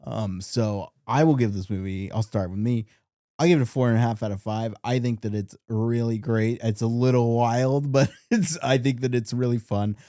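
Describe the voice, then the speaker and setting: A man co-hosting a casual movie review chat, easygoing and quick to laugh, with many fillers. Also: medium pitch, steady tone, dark tone, no room sound, clean studio sound. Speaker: podcast co-host.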